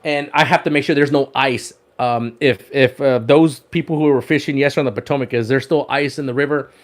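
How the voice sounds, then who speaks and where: A man's voice: mid-range voice, steady tone, brisk. Chatty man hosting a fishing livestream. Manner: chatty, repeats words, laughs often. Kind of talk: casual livestream chat.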